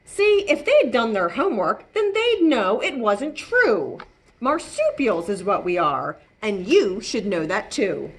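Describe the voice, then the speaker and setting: A woman's voice: medium pitch, big pitch swings, slow pace, breathy edge, pitched below the performer's own voice, exaggerated voice. A woman voicing a grumpy, fed-up male koala who complains indignantly in a storybook read-aloud. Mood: grumbling.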